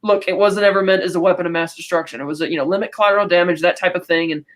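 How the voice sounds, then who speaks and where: A woman co-hosting a podcast, casually recapping a film and quoting characters in quick asides. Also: lowish voice, steady tone. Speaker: podcast co-host.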